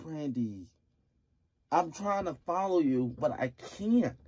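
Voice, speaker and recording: Young man, husky voice, animated pitch, reaction-video host, rambling and exasperated. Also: slow. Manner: exasperated, rambling, repeats himself with playful disbelief. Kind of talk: casual reaction commentary.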